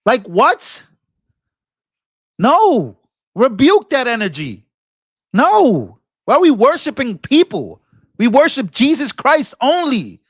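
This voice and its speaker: High-voiced man ranting on a political vlog. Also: huge pitch swings, takes it slowly, pauses often, dry recording, clean studio sound. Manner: repeats and restarts words, sermon-like "I rebuke" outbursts. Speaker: political commentator and channel host. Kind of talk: impassioned casual political commentary.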